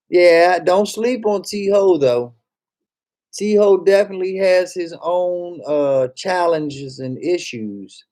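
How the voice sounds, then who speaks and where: A male streamer with a slightly high voice who talks slowly and drawls. He jokes and swears casually as he reacts to his chat. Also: warm tone. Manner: joking, profane, reads chat aloud.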